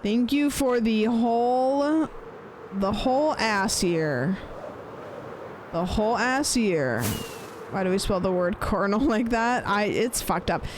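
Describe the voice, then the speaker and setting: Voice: mid-range voice, animated, slow pace, background noise. A streamer chatting casually while gaming, rambling and swearing, playfully repeating phrases with different stress.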